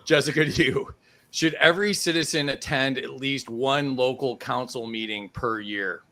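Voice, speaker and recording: A man's voice: mid-range voice, steady tone, normal speed, sharp tone. A man hosting a casual live-streamed game show over a video call, laughing easily between questions.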